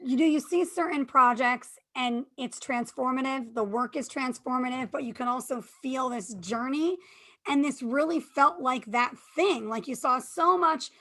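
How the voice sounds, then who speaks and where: A woman's voice: high voice, normal speed, a bit bright. A woman moderating a panel discussion, upbeat and affirming as she asks questions.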